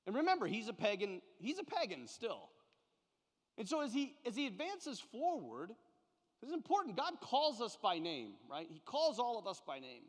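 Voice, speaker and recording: A priest leading a parish Bible study, talking in a lively, conversational way and acting out little scenes. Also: male voice, high voice, moderate pace. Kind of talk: animated Bible study talk. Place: church. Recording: long hall reverb.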